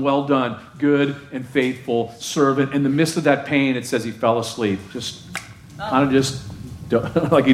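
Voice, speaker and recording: A man's voice: mid-range voice, reverberant. A man preaching a sermon as pastor, emphatic and repeating phrases for effect.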